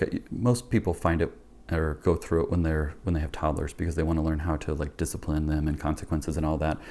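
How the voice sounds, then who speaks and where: A man's voice: deep voice, darkish tone. A man, a pediatrician, giving parents earnest, conversational advice in a live talk, acting out what they can say to their kids.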